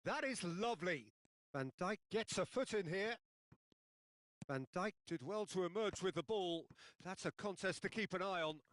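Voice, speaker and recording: A man giving play-by-play football commentary in a video game, building up excitedly and shouting at goals and shots. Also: sits high, moderate pace.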